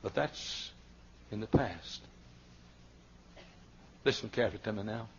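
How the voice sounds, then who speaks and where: An older male Southern American pastor preaching a sermon, telling stories and swinging between quiet asides and shouted climaxes. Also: lowish voice, a little slow, slight background noise. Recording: dull lo-fi archival sermon tape.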